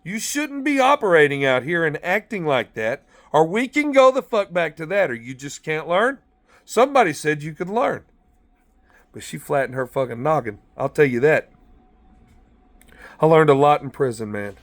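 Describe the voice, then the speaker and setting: A man's voice: fairly high pitch, normal speed. A man who is a former corrections officer, telling blunt, profane stories in a rambling monologue from inside a car. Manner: profane, blunt, animated storytelling.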